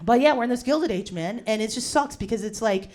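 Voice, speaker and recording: A woman in her forties doing a stand-up set in a bar, ranting loudly and profanely with slangy fillers. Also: fairly high pitch, expressive, a little fast. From New Jersey. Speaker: stand-up comedian. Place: bar in front of a live audience. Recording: live crowd laughing in a bar. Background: audience laughter.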